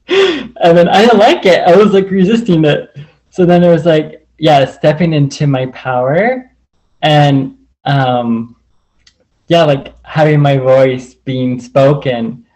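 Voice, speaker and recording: A man's voice: on the high side, a little mellow, low-quality recording. A man on a video call telling a personal story in a rambling way, full of "like" and acted-out quotes. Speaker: group call participant.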